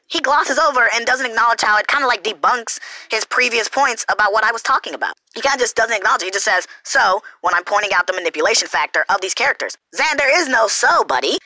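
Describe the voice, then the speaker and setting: Woman host, quick rambling delivery, bright tense tone, dry close mic. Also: a little high, animated, no echo, rough recording. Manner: rambling, self-correcting, frequent laughs. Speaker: YouTube reaction host. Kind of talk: unscripted response commentary.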